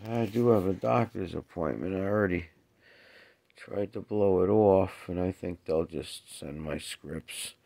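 A sick, short-of-breath man at home with his cats, cooing to them in a raised voice and otherwise muttering low in casual chat. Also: a little slow, vocal fry, warm tone. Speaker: cat owner filming his pets.

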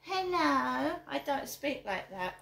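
Middle-aged woman, fairly high voice, indignant, emphatic, repeats herself, echoey room. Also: a little slow, fairly bright tone, a little hiss or hum. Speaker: vlogger. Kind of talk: angry personal vlog rant. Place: home flat.

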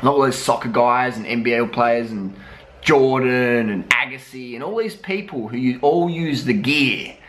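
A man's voice: medium pitch, normal speed, fairly bright tone. A man, a cycling vlogger, ranting bluntly with heavy swearing. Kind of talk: profane ranting commentary.

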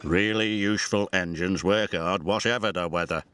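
A man's voice: low-pitched, normal speed, a bit bright, slight background noise, voice pushed down. A man voicing a polite old male brake van in a cartoon, deferential and dry. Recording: music score behind.

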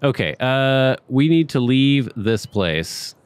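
A man's voice: medium pitch, animated, slow, smooth, no echo. A man hosting a let's play, chatting casually through his gameplay and talking to the game characters and his viewers.

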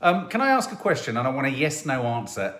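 A man's voice: mid-range voice, sing-song, fast talker, fairly bright tone, reverberant. A man co-hosting a casual family livestream, reading out viewer comments and cracking jokes. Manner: playful, jokey, full of trivia.

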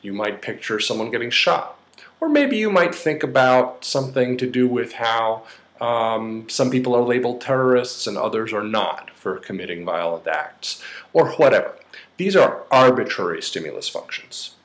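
A man's voice: medium pitch, expressive, normal speed, fairly bright tone. A middle-aged man with a slight New York accent, explaining ideas in a casual lecture with frequent fillers and restarts. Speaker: psychotherapist teaching a course.

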